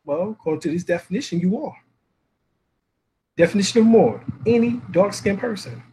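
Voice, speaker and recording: A man's voice: high-pitched, moderate pace, mellow, a little hiss or hum, rough recording. A man lecturing, reading out dictionary references, spelling letters aloud and asking rhetorical questions.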